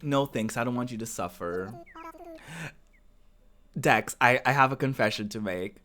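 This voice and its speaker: Playing a game on stream, this man from the American South rambles casually, starts his sentences over and answers chat messages as they come in. He speaks in a mid-range voice with a sharp edge, taking his time.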